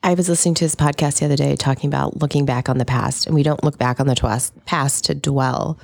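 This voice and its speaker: A woman's voice: very deep voice, fairly even intonation, quick pace, gravelly, dry recording. A woman in her thirties co-hosting a podcast in casual, enthusiastic chat, laughing often. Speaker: podcast co-host.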